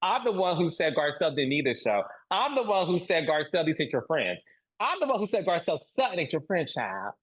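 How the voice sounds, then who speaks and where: A man talking as a guest on a podcast interview, emphatic and animated, repeating points for stress. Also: fairly high pitch, fairly quick, breathy edge, low-quality recording. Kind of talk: casual interview chat.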